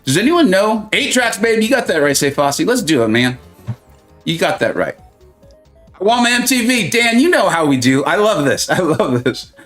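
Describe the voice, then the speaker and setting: A man with a somewhat high voice hosts a live gaming stream, chatting loosely with viewers and reading their comments aloud. He jokes and laughs easily as he goes. Faint music runs in the background. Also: big pitch swings, normal speed, fairly bright tone. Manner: chatty, joking, reads chat aloud, frequent laughs. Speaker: mobile game streamer.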